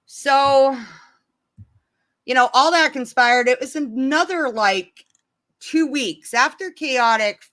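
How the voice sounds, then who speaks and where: Bright-voiced woman rambling to viewers. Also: high voice, slow, pauses often. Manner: rambling, many restarts and "you know"s. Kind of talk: casual storytime chat to viewers.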